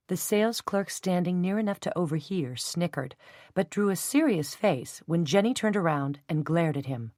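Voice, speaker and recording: A woman narrating a novel in an even, measured storytelling voice. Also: sits low, no room sound, clean studio sound. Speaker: audiobook narrator. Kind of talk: scripted narration.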